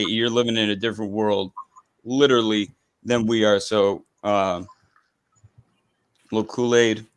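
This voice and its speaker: A man's voice: medium pitch, dry recording, poor audio. A man hosting a casual live stream, chatting in a rambling way with lots of fillers and restarts. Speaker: host.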